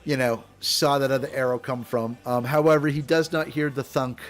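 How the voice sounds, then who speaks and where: A man's voice: medium pitch, steady tone, moderate pace. A man running a tabletop game as dungeon master, rambling with many fillers and frequent laughs. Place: home streaming setup.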